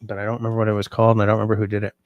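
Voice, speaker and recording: A sleepy, yawning man hosting a livestream, chatting casually and reading out viewer comments in a relaxed, rambling way. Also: on the low side, racing, no room sound, highs cut off. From Canada. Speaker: livestream host.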